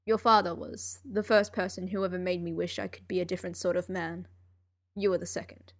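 A woman's voice: on the low side, flat delivery, brisk. A woman reading the part of an aloof, brilliant male detective in a dry, clipped, reserved manner. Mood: earnest.

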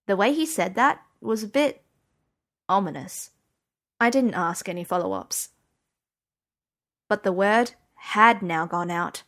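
A woman's voice: mid-range voice, expressive, a little slow, long pauses, a bit bright. A woman narrating a story in the first person, conversational and wry. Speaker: audiobook narrator.

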